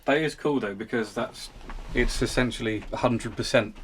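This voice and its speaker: A man's voice: mid-range voice, normal speed, slight background noise. A British man, a paranormal investigator, thinking aloud and chatting casually during a ghost hunt.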